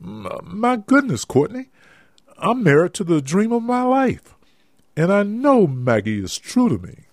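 A man's voice: sits high, big pitch swings, measured pace, creaky, no echo, studio quality, pitched above the performer's own voice, exaggerated voice. A man voicing a sheepish, lovestruck married man in an amateur audio drama, speaking earnestly. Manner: earnest, swooping intonation.

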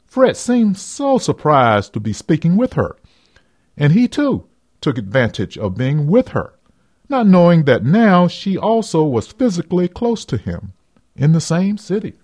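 A man's voice: on the high side, huge pitch swings, measured pace, a little mellow. Man narrating a dramatic radio story.

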